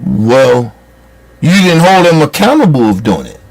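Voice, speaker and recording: A man's voice: mid-range voice, very animated, measured pace, darkish tone. A man delivering a heated, profane political rant as a commentator, scolding his listeners.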